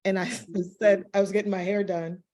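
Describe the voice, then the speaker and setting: A woman on a panel who runs a crisis communications business, speaking haltingly with frequent restarts as she tells personal stories. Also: mid-range voice, little pitch movement, warm tone. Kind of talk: panel discussion.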